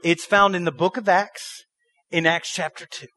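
Emphatic high-voiced male pastor preaching. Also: fairly even intonation, normal speed, sharp tone. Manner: emphatic, rhetorical questions, leads the congregation in repeating lines. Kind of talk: sermon.

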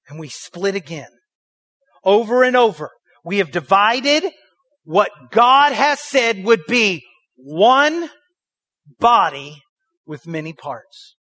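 Male pastor, high voice, dry close sound, emphatic sermon delivery with rhetorical questions and call-and-response. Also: sing-song, slow pace, pauses often, bright, forceful tone, no room sound. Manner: emphatic, rhetorical questions, leads the congregation in repeating lines.

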